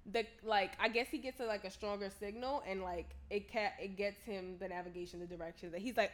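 A woman casually telling a story, animated, acting out quotes, swearing freely. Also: mid-range voice, brisk, hardly any pauses.

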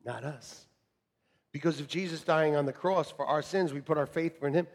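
A middle-aged man preaching a sermon to a congregation, joking and animated, swinging from shouts to quiet asides. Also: fairly high pitch, normal speed. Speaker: pastor. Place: church hall with congregation. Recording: long reverb of a church hall.

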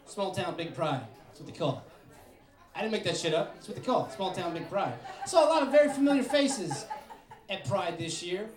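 A man's voice: high-pitched, lively intonation, fairly quick. A man doing a live stand-up set, crude and sarcastic. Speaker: stand-up comedian. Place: small comedy venue. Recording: echoey club with live crowd.

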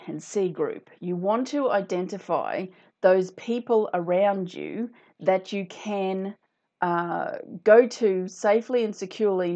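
Female host, low-pitched, chatty live-stream style, dull lo-fi sound. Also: a little mellow. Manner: chatty, reads out viewer comments. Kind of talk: casual talk to viewers.

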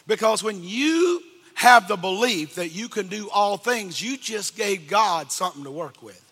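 A man preaching a sermon from the pulpit, calling out questions to the congregation and rising to shouts. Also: sits high, lively intonation, a little slow, slightly rough, long reverb tail. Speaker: pastor. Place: church sanctuary.

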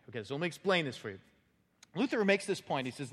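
A man preaching a sermon to his congregation, talking in a relaxed, conversational way and teasing the listeners now and then. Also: sits high, fast. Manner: conversational, teasing, lively emphasis. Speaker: pastor. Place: church sanctuary. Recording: church hall with long reverb.

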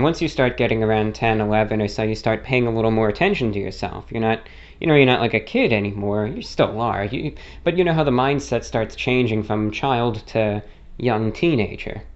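Young man, mid-Atlantic-style accent with New York and non-rhotic traces, rambling casual YouTube talk, mid-pitched, slightly dull audio. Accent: mid-Atlantic blend with non-rhotic and New York traits. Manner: rambling, many fillers and self-corrections. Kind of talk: casual spoken monologue.

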